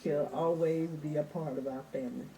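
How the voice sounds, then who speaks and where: A woman's voice: low voice, fairly even intonation, brisk. A woman speaking as the groom's mother, giving a chatty toast and laughing between sentences. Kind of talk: casual toast. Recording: distant mic in a noisy crowd. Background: crowd of guests.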